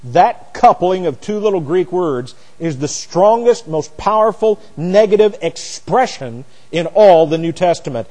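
A man teaching a sermon verse by verse, booming on key phrases and dropping low for asides and stories. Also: expressive, a little slow, hardly any pauses. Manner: swings from loud emphatic preaching to quiet asides; explains Greek words, tells anecdotes. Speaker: preacher. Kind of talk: expository Bible teaching. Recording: long hall reverb.

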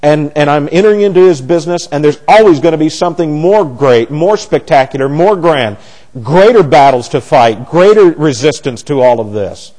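A man preaching a sermon, animated and sarcastic, often restarting his sentences. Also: fairly high pitch, normal speed.

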